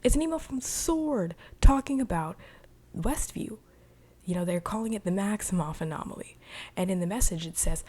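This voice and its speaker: A woman's voice: medium pitch, lively intonation, moderate pace, dark tone. A young woman casually recapping a TV episode in a chatty, rambling way, full of "like.". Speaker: video reviewer.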